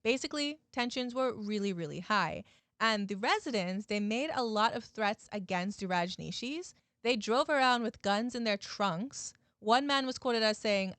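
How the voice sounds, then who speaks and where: A woman's voice: fairly high pitch, moderate pace, a bit bright, dry recording. A woman YouTube host recapping a story in a chatty, casual way, talking straight to her viewers. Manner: chatty, addresses viewers, many "like" fillers.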